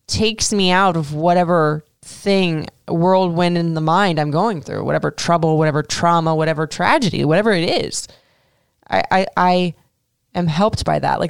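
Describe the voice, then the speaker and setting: A woman in her thirties hosts a podcast, casually working through listener questions with lots of fillers and offhand swearing. Her low, creaky voice has a clean tone, and the dry recording is studio quality.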